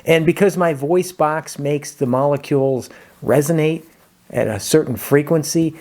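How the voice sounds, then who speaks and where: A male chemistry teacher talking in a squeaky voice after inhaling helium, joking and then explaining in a casual lesson intro. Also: normal speed, darkish tone, slight background noise, lightly acted.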